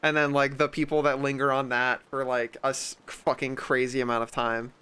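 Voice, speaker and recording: Young streamer dude, rambly and sarcastic, clear bright voice, talks into a streaming mic. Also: male voice, mid-range voice, level tone, moderate pace. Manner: rambling, sarcastic, swears a lot. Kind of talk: casual chat.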